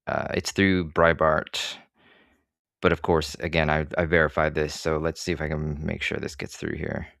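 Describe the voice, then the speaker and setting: A man's voice: rumbling low, little pitch movement, normal speed, fairly bright tone, dry recording, clean studio sound. A man ranting to camera as an online commentator, swearing freely and sarcastic, with rambling asides. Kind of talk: profane opinion rant to camera.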